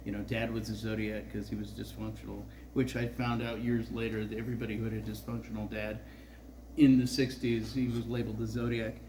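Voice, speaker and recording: A man's voice: on the low side, level tone, brisk, noisy background. A man in his sixties telling a rambling, profane personal story on a festival stage, full of filler words. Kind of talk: live storytelling.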